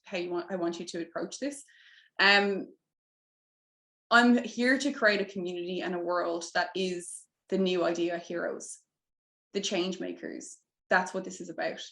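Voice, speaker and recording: A young adult woman coaching a live online masterclass, pitching her program warmly and getting emotional as she talks. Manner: heartfelt, gets emotional, breaks into tears and laughter. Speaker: mindset coach hosting a masterclass. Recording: echoey room.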